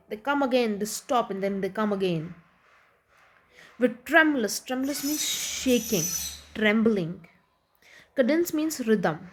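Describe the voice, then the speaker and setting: A woman teaching literature, reading lines of a poem aloud and then explaining them in plain words, with many restarts and fillers. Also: on the high side.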